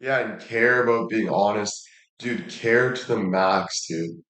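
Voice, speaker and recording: A man's voice: lowish voice, slow pace, a bit bright. A man talking in a casual monologue, blunt and emphatic, swearing heavily and repeating himself for emphasis. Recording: echoey room.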